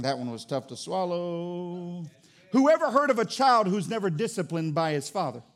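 Pastor, male, very high and animated delivery, playful sermon with jokes. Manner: lively, joking, preaching with acted-out asides.

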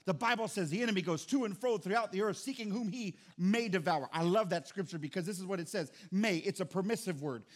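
A middle-aged man preaching a sermon as pastor, with dynamic delivery that swings from quiet to loud. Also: high-pitched, fast talker, few pauses.

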